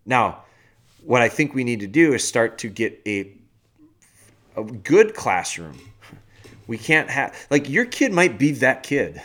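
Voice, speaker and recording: A man hosting a dog-training podcast, delivering a blunt, animated rant in a casual way. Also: mid-range voice. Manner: blunt, animated, firm and fast-talking. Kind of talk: casual ranting monologue.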